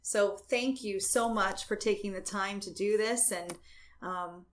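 A woman hosting a podcast who talks in a gushing, excitable way in casual chat. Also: mid-range voice, a little slow. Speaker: podcast host.

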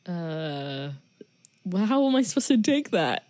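A woman's voice: fairly low pitch, big pitch swings, measured pace, a little mellow, no echo, studio quality. A woman co-hosting a casual movie-review podcast, giggling often and joking sarcastically. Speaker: podcast co-host.

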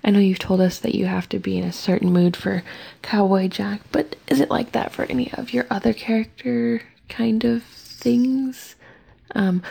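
Gravelly dark-voiced woman asking a question. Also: medium pitch, level tone, normal speed. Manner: hesitant, full of likes and ums. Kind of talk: recorded voice question.

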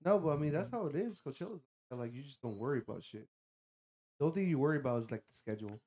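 Quick young man with a mellow voice. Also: on the high side, expressive, slightly rough. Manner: loose, profane, jumps in. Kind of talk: casual chat.

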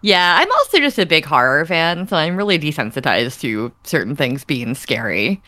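A woman's voice: deep voice, big pitch swings, moderate pace, bright, forceful tone, dry recording. A young woman, a podcast guest, chatting casually with lots of fillers and giggles. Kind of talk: casual chat.

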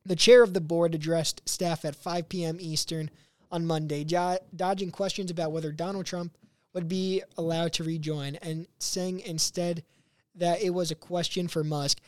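A man's voice: fairly high pitch, clean tone, dry recording, clean studio sound. A young man hosting a podcast, reading news items aloud and riffing on them in a blunt, profane, rambling way, with mocking imitations of other people. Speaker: podcast host. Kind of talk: casual commentary reading news.

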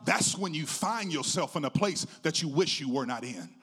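A middle-aged male pastor preaching a sermon, telling his own story in a sing-song preaching cadence that swells from hushed to loud. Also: on the high side, expressive, moderate pace, breathy edge.

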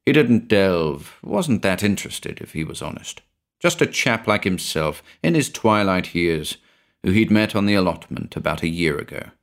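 A British man with a deep voice narrates a story. He is measured and expressive. His pitch moves widely. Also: creaky. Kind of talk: scripted narration.

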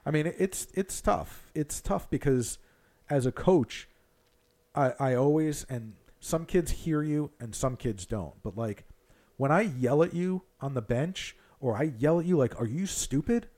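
A man co-hosting a casual sports chat, an animated, profane coach who rants. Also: fairly high pitch, measured pace. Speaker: podcast co-host, hockey coach.

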